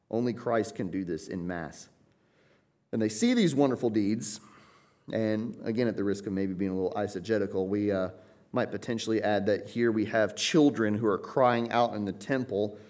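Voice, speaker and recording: Man, preacher, expository sermon, emphatic, repeats phrases, lowish voice. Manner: emphatic, repeats phrases, tags points with "right?". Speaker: preacher teaching a Bible passage.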